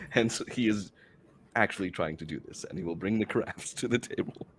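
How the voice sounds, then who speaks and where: A man's voice: fairly low pitch, normal speed, a little hiss or hum. A man playing in a tabletop game, hesitant and giggly as he explains his character. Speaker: tabletop player. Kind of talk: casual role-play chat.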